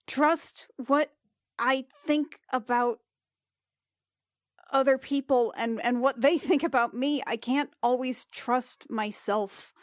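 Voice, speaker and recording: A woman playing a tabletop game talks slowly and hesitantly, often breaking into laughter. Her voice sits fairly high. The sound is close and dry. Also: no room sound. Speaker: player.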